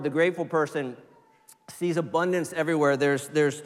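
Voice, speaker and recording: A man's voice: medium pitch, moderate pace. Man preaching in an echoing church. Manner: animated, playful voices for quoted excitement. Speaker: pastor. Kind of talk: sermon. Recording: church hall reverb.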